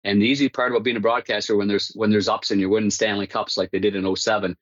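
A man with a lowish voice tells long broadcasting stories, stumbling and restarting as he goes and laughing at his own punchlines. The sound is dull and dry, like a muffled remote line. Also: flat delivery, rapid-fire, no room sound. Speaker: hockey broadcaster, interview guest. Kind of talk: casual storytelling interview.

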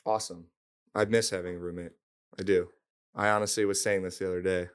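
A man's voice: sits low, level tone, quick pace, smooth. A young man, a hockey player, telling a roommate story in a laid-back, filler-heavy way. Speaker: pro hockey player, guest. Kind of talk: casual chat.

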